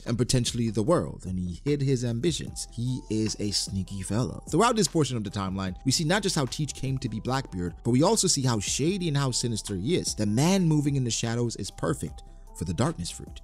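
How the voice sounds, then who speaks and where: A man giving an animated lore commentary, with playful, jokey asides. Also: mid-range voice, slightly rough.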